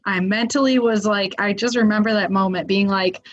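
A woman telling a story in a casual, lively way, with lots of fillers, acting out what people said. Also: medium pitch, a little fast, hardly any pauses. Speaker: guest. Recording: muffled lo-fi audio.

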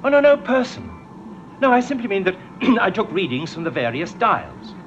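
An actor playing an eccentric, brainy male time traveller who explains things patiently and lively, from an old TV soundtrack. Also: high-pitched, moderate pace. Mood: explaining. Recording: dull old TV audio with hiss.

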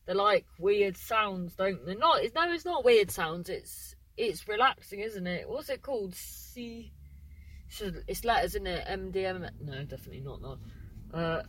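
This woman hosts a laid-back podcast on her own, her medium-pitched, slightly bright voice coming through poor audio. She's chatty and exclamatory, wandering from point to point and often breaking off before finishing a sentence.

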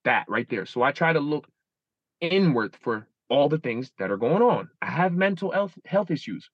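A man's voice: on the high side, big pitch swings, moderate pace, no room sound, highs cut off. A man in his thirties, a guest in a casual interview, telling stories animatedly and acting out his own inner dialogue. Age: 30s.

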